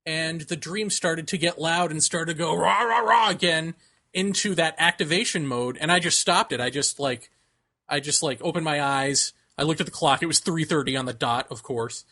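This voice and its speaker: Bright, animated storytelling man. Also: a little high, normal speed. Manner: animated, laughs often, acts out quoted voices. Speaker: podcast co-host. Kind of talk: casual storytelling chat.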